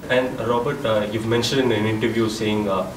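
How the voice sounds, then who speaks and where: A man's voice: fairly low pitch, fairly even intonation, moderate pace. A man interviewing film guests, asking questions with frequent hesitations. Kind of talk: press junket interview. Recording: roomy, distant, noisy.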